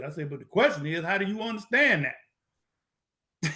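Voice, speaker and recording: A man addressing an audience, retelling a debate in an animated way, repeating himself and laughing at his own story. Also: fairly high pitch, fairly quick, long pauses. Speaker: speaker recounting a debate.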